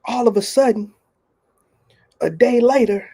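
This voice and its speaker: A man who is a guest author, telling a faith testimony as an animated storyteller with casual slang. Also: very high-pitched, measured pace, breathy edge.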